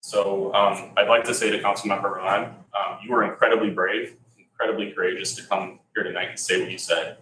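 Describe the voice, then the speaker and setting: A man's voice: low voice, fairly even intonation, brisk, sharp tone. A man speaking with emotion at a council public comment, scolding the council. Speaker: resident giving public comment. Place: council chamber. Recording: echoey chamber, faint hum.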